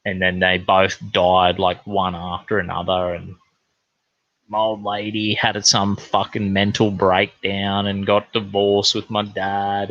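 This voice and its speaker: A man's voice: fairly low pitch, a bit bright, no echo. A young man, hosting a podcast and rambling casually with plenty of swearing. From New Zealand. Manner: rambling, profane, laid-back. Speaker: podcast host. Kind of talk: casual monologue. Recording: dull, lo-fi, dry sound.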